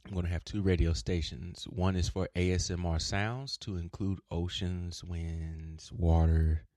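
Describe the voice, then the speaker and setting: A man hosting his own podcast, rambling in a casual monologue, cursing freely and breaking into sudden shouts. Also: deep voice, little pitch movement, a little slow, dry recording. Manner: profane, loud swings and sudden shouts. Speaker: podcast host.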